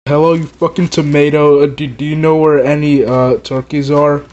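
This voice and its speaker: A man voicing a hot-headed, foul-mouthed male plush puppet who swears constantly and works himself up into shouts. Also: on the high side, moderate pace, dull audio, lightly acted. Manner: swearing, excitable, rising to shouts. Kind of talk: plush puppet comedy skit.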